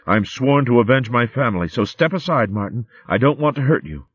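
A man voicing a fierce female otter warrior archer in a storybook, speaking bluntly in rough, clipped speech. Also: mid-range voice, lively intonation, a little fast, dry recording, pitched above the performer's own voice. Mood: torn. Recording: phone-like dry audio.

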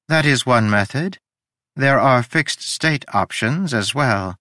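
A man's voice: mid-range voice, lively intonation, takes it slowly, sharp tone, no echo, clean studio sound. A man voicing a polite, formal, literal-minded male ship AI in an audiobook, precise and courteous. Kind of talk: audiobook character reading.

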